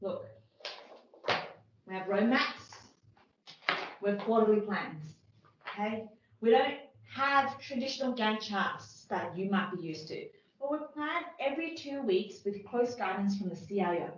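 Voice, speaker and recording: A woman's voice: mid-range voice, animated, a little slow, slight background noise, close to an everyday voice. A woman playing a defensive agile team lead who explains her team's methods firmly, in an amateur workplace role-play over a video call. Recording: very echoey, distant mic, dull lo-fi sound.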